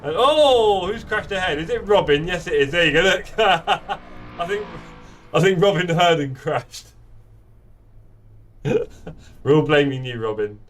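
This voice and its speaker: A man's voice: a little high, lively intonation, a little slow, long pauses, a bit bright, distant mic, faint music behind. A man chatting playfully with friends while live-streaming a sim racing game. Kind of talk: live gameplay chat. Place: home sim racing setup.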